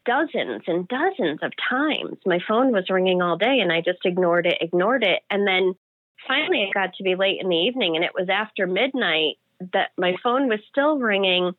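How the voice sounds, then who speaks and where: A woman's voice: mid-range voice, expressive, normal speed, no echo. A woman telling an emotional personal story as an interview guest. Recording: dry phone-like audio.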